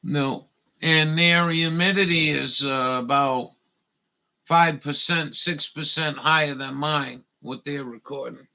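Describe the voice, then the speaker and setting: A man's voice: on the high side, fairly even intonation, takes it slowly, sharp tone. A man grumbling and swearing as he rambles through a live stream, muttering to himself as he reads.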